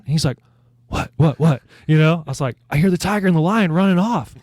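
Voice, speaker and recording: Animated young dad telling a story. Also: male voice, fairly high pitch, fast, dry recording. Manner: animated storyteller, many fillers. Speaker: podcast co-host. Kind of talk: casual chat.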